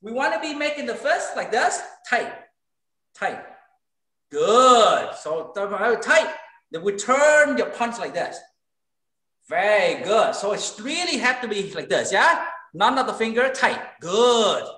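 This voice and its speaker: A man's voice: high-pitched, big pitch swings, takes it slowly, pushed and bright. A man teaching an online kids' kung fu class, giving short drill commands and counting reps aloud in a training studio. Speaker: martial arts instructor. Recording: very echoey room, voice far from mic.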